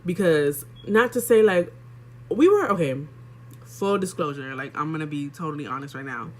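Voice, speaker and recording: A woman's voice: deep voice, lively intonation, moderate pace. A young woman vlogger telling a personal story in a candid, chatty way, addressing her viewers directly. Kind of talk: casual storytelling vlog.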